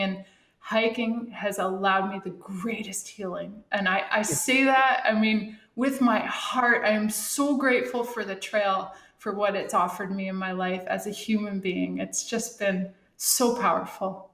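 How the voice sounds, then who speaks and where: A woman's voice: mid-range voice, unhurried, fairly bright tone, echoey room. A middle-aged woman speaking as an interview guest, earnest and heartfelt, talking reflectively with restarts. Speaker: guest, Olympic athlete and thru-hiker. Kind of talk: reflective casual interview talk.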